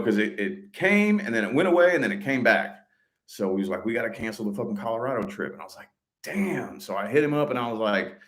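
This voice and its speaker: Brief: middle-aged man, casual vlogger, cusses a lot, livens up when he quotes people, mid-pitched voice. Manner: swears freely, animated when quoting others. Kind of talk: casual storytelling to viewers.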